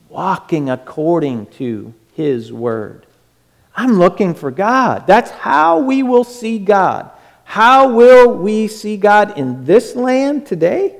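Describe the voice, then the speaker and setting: A man preaching a sermon with fervor, moving between loud urging and a soft hush. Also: sits high, gravelly, big-room sound.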